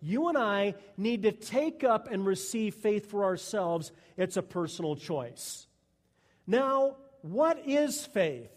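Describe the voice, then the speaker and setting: A pastor preaching a sermon at a Sunday church service, earnest and emphatic. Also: male voice, high voice, very animated, takes it slowly. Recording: long echo of a church hall.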